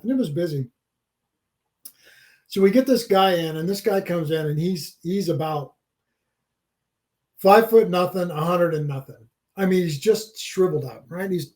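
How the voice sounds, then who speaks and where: Middle-aged guy telling a story on a podcast, animated, repeats himself, high-ish voice. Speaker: podcast guest. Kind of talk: casual storytelling.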